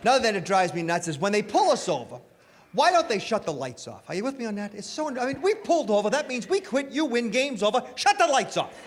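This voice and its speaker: Animated man doing stand-up on stage. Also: high-pitched, quick pace. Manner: animated storytelling, punchy delivery. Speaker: stand-up comedian. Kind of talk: stand-up comedy set. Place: comedy stage before an audience. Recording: live hall with reverb, faint noise.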